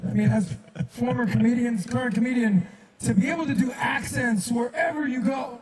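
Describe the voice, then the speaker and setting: A man's voice: very high voice, fairly even intonation, normal speed. A man on a live panel making teasing, joking interjections. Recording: distant mic with loud crowd.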